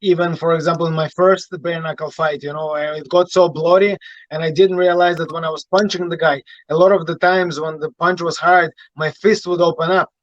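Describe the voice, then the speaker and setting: A man's voice: on the high side, little pitch movement, fairly quick, no room sound. A Russian-born man, a native Russian speaker with a slight Irish accent, talking frankly as a guest fighter in a casual interview, swearing freely and leaning on "you know". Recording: dull lo-fi dry sound.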